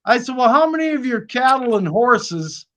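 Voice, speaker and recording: A man's voice: very high-pitched, sing-song, normal speed, a bit bright. A man telling folksy stories in casual chat, swearing freely and acting out the voices of people he quotes. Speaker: snake keeper on live stream.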